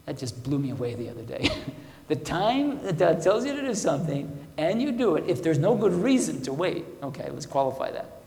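A man preaching a sermon as a pastor, conversational and questioning his listeners, moving between loud emphasis and quiet asides. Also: fairly high pitch, very animated, a little fast, creaky. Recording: echoey hall with long reverb.

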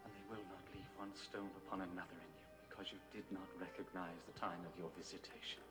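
An actor playing a grieving man who weeps over a doomed city, speaking slowly in a solemn, mournful lament. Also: low-pitched, little pitch movement, close to an everyday voice. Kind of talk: film drama. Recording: film clip under loud music.

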